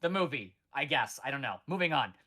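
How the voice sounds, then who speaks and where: Bright, sarcastic thirty-something podcast host. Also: mid-range voice, lively intonation, fairly quick. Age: 30s. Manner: rambling, profane, sarcastic. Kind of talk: casual movie recap chat.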